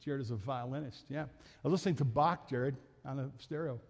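A middle-aged man, a pastor, has a creaky, medium-pitched voice and talks a little fast. Standing in a church sanctuary, he shares a family tale in folksy sermon style, performing each character's voice, while faint music drifts through the echoing hall.

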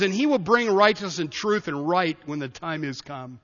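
A pastor preaching a sermon, animated and humorous, swinging from quiet asides to loud declarations. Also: male voice, a little high, normal speed, hardly any pauses. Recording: dull audio with long hall reverb.

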